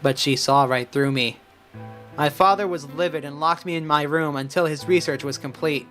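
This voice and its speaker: A man's voice: on the high side, normal speed, fairly bright tone, soft background music, voice pushed down. A man voicing a grave male figure recalling a painful past, in a robot voice while reading game dialogue.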